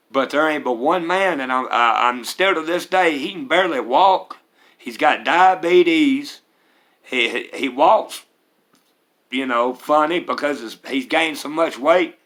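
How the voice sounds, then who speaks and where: A man's voice: mid-range voice, sharp tone. A man in his forties with a Mississippi accent, telling his life story in a candid, plain-spoken way with hesitant fillers. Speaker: vlogger sharing his recovery story. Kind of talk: personal storytelling.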